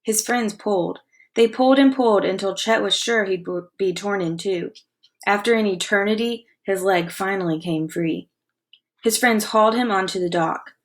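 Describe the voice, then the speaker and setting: A woman teacher reading a novel aloud to her class with expressive storytelling, pausing to ask comprehension questions. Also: medium pitch. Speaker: elementary school teacher.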